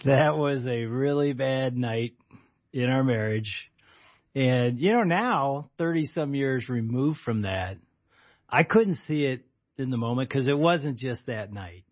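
A man's voice: medium pitch, animated, measured pace. Man in his sixties co-hosting a chat show. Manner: teasing, chuckling interjections. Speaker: radio co-host and pastor. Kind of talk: casual conversational chat. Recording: dull lo-fi sound.

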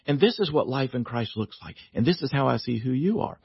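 A man, a guest author on a radio talk show, telling a family story in a lively way, laughing often and acting out the voices. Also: medium pitch, brisk, vocal fry, husky, no room sound, muffled recording.

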